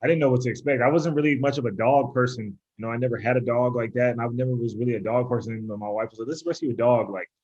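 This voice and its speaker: A man's voice: medium pitch, fairly even intonation, rapid-fire, hardly any pauses, darkish tone, highs cut off. A young man, a pro athlete guest on a podcast, telling a long casual story and acting out voices in quotes, with lots of "like". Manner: rambling storyteller, heavy use of "like", acts out voices in quotes. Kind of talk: casual chat.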